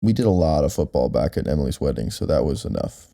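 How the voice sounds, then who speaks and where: Young guy, deep gravelly voice, loose rambly co-host, close mic at home. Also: very animated, fast, mellow, dry recording. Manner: rambling, self-deprecating, many fillers. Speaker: podcast co-host. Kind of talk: casual chat. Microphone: close directional mic.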